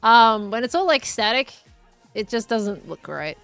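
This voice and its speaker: A woman's voice: on the high side, sing-song, fairly bright tone, no room sound, soft background music. A young adult Australian woman chatting casually while playing a game on her live stream. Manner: chatty, laughs easily, halting restarts. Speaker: streamer and host. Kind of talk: casual chat while gaming.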